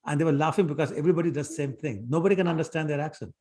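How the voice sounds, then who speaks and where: A man ending an online class and chatting warmly, often repeating himself. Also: on the high side, rapid-fire. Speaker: class teacher. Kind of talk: end of an online class, casual chat. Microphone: video call.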